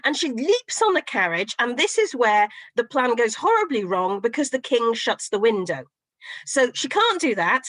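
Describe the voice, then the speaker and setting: Animated woman lecturing with a story. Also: a little high, normal speed, no room sound, rough recording. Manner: lively storytelling with fillers. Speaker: professor giving a history talk. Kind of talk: online lecture. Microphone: video call.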